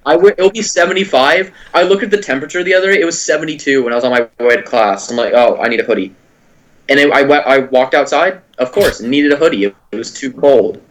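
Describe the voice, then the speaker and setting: A man's voice: a little high, fast talker, hardly any pauses. A young man co-hosting a comedy podcast, telling rambling stories full of swearing and filler words. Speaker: podcast co-host. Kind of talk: casual chat.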